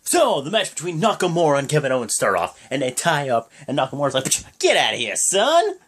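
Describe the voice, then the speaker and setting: A man giving a casual, rambling play-by-play recap of a wrestling show. He strings events together with "and then" and "pretty much" and jumps into higher bursts on big moves. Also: fast, breathy edge.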